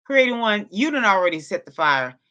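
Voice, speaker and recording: A woman's voice: medium pitch, big pitch swings, fairly quick, a bit bright, highs cut off. A woman hosting a casual livestream, talking straight to her chat and scolding viewers in exasperated bursts, with features in her speech. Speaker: livestream host.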